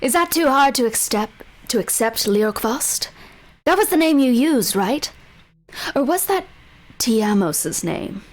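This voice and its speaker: Woman doing a cool, sneering sorceress, taunting and unhurried. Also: a little high, pitched above the performer's own voice. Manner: calm, taunting, smooth. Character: cold, mocking older sorceress mother.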